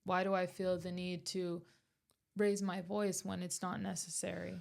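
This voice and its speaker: Gravelly, flat-toned young woman. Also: fairly low pitch, moderate pace. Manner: candid, self-questioning. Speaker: podcast co-host, daughter. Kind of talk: casual conversation.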